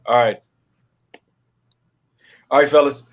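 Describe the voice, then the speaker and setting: A man's voice: medium pitch, fairly even intonation, slow pace. A man hosting a web panel show on a video call, affirming his guests and often tagging his sentences with "man.". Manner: warm, affirming, peppers speech with "man". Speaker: show host. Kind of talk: web series panel talk.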